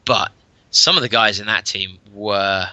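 A man in casual podcast chat, with a very bright, sharp tone. He tells stories in an animated way and slips into impressions of other people. The sound is close and dry, with no room echo. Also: unhurried, lo-fi sound. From England. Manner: animated storyteller, mimics people with big pitch jumps. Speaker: podcast co-host. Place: bedroom at home.

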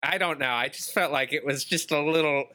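A man's voice: on the high side, a little fast, bright, forceful tone. A man chatting casually about a movie on a podcast, rambling and hedging with many fillers. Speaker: podcast co-host.

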